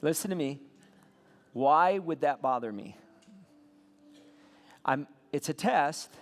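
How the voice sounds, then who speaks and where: A man preaching a sermon as a pastor, telling a story with lively swings between soft asides and loud bursts. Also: a little high, slow pace. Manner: animated storytelling with sudden loud peaks. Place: church sanctuary. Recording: long hall reverb.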